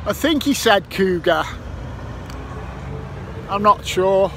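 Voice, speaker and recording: A man's voice: high-pitched, expressive, slow, a bit bright. A man vlogging outdoors by a roundabout while he waits, grumbling, swearing and making up rhymes. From Ireland. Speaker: metal detecting vlogger. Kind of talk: casual vlog monologue. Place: outdoors by a roundabout near a petrol station. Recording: faint traffic noise outdoors. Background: passing traffic.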